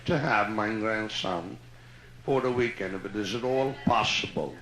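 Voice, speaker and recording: A man's voice: lowish voice, normal speed, fairly bright tone, pitched below the performer's own voice. A man voicing an old Jewish grandmother, reproachful and martyred, in a Yiddish-inflected dialect. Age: over 60. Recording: echoey live room on old vinyl.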